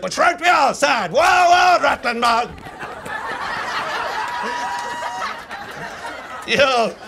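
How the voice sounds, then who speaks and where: A young Irish man from Kilkenny doing stand-up in a comedy club, rambling fast and tagging lines with "you know what I mean". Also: high voice, fairly bright tone, slight background noise. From Ireland. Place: comedy club stage with laughing audience.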